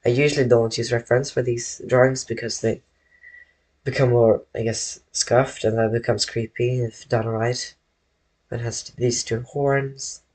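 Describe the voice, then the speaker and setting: A man with a mid-range, darkish voice and a level tone streams himself drawing from his bedroom. He chats casually with his viewers, speaking slowly, rambling, and often correcting himself as he talks to chat.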